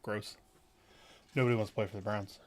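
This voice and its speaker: A man's voice: lowish voice, level tone, a little fast. A young man hosting a casual college football podcast, going through coaching moves with many fillers and some swearing. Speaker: podcast host. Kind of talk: casual chat.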